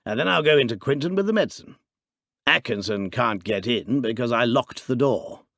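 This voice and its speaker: A male audiobook reader voicing a hearty, jolly doctor who scoffs at talk of magic, brisk and boisterous. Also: medium pitch, animated, gravelly, fairly bright tone, dry recording, clean studio sound. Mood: jovial, dismissive.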